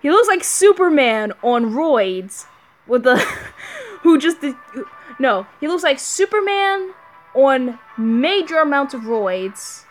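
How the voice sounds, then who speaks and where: A woman commenting over a game with a high, joking voice that breaks into giggles. Faint music plays behind her. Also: sing-song, takes it slowly. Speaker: game streamer.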